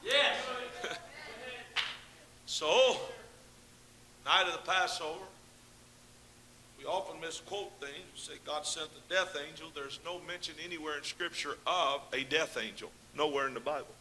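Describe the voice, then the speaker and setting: A man preaching a fiery Pentecostal sermon, moving between shouted proclamations and low, chatty asides and calling out to his congregation. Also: lively intonation, unhurried, long pauses, slight background noise. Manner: calls out to the congregation.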